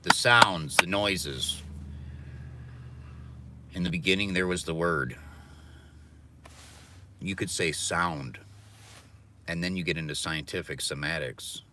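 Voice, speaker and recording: A man's voice: deep voice, takes it slowly, long pauses, bright, forceful tone, a little hiss or hum. A man ranting profanely and philosophizing from his car during a casual livestream. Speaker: livestreaming delivery driver.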